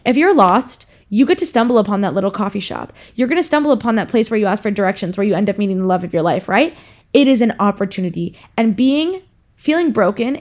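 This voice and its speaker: A woman's voice: medium pitch, a little mellow. A young woman hosting a casual monologue, frank and profane as she gives an earnest, heartfelt pep talk to her listeners. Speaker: podcast host, influencer.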